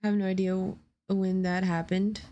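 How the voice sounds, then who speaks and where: A woman's voice: mid-range voice, level tone, moderate pace, lo-fi sound, background noise. A woman streamer chatting casually while making pixel art, playful and laughing at herself. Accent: none, not British. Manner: playful, laughs at her own attempts at slang.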